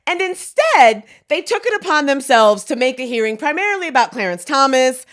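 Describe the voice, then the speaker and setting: Podcast co-host, woman, exasperated and lively, high-pitched. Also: fairly quick. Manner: exasperated, laughs easily, lively. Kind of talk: casual legal commentary chat.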